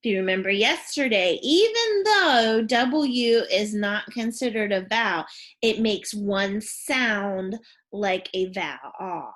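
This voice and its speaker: Teacher voice: woman, very slow and lively, spells out sounds for kids. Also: mid-range voice. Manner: slow, clear, sounding out letters and prompting questions. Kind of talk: phonics lesson for young children.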